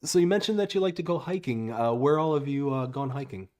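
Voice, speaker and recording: A man hosting a livestream chat, telling stories in an animated way and asking easygoing questions. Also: mid-range voice, fairly quick. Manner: animated storyteller, asks easy questions. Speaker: host.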